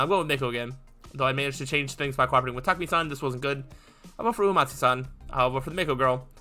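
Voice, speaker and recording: Bright fast-talking man reading a game. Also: a little high. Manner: fast, animated reading with frequent "uh" fillers. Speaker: gaming video host. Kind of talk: reading a visual novel aloud with commentary.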